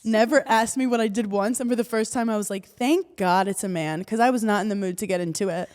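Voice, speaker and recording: A woman's voice: fairly high pitch, fast talker. A woman co-hosting a podcast, telling a story in casual chat and acting out the people in it. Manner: animated storytelling, acts out quoted people. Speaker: podcast co-host.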